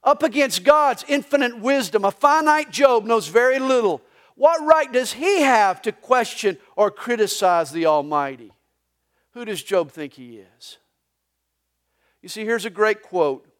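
A man with a Southern US accent delivers a live sermon in a church service. His voice sits high for a man. He swings from loud, lively declarations to quiet, hushed asides. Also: unhurried. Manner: animated preaching, voices for God and Job, rising and dropping to a hush. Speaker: pastor.

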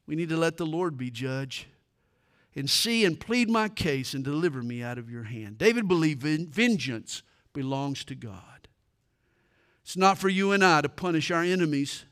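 High-voiced, bright dramatic male preacher. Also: animated, normal speed. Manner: dramatic, emphatic storytelling. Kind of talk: sermon.

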